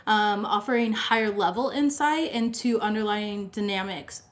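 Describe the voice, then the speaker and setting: A woman's voice: medium pitch, normal speed. A young woman giving a casual live-streamed tarot reading, chatty and full of fillers, often checking in with her viewers. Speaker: tarot reader.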